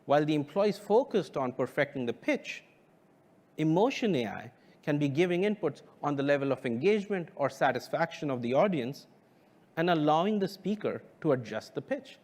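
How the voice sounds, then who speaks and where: Man, company founder, keynote talk, animated intonation, measured emphatic delivery. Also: on the high side. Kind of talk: keynote presentation.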